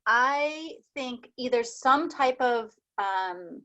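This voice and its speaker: A woman's voice: fairly high pitch, animated, very slow, pushed and bright, dull audio. A woman doula chatting casually over a video call, talking with lots of fillers. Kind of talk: casual group chat.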